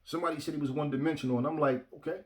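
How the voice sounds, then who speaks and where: A man's voice: fairly high pitch, steady tone, rapid-fire, a little mellow. A man giving casual boxing opinions to his viewers, blunt and emphatic, often repeating himself and speaking to the audience directly. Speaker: boxing commentator.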